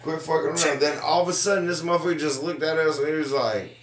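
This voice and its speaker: A man's voice: a little high, quick pace, recorded from a distance, a loud crowd. Joking man on a roomy casual podcast. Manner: joking, profane, laughs a lot. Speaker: podcast co-host. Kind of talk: casual banter. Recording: roomy echo, off-mic, faint noise.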